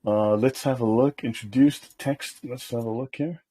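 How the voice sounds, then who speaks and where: Husky man in sardonic commentary. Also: medium pitch, normal speed, warm tone, no room sound. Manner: sardonic, keeps checking in with "okay?". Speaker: host. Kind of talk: casual commentary while reading documents aloud.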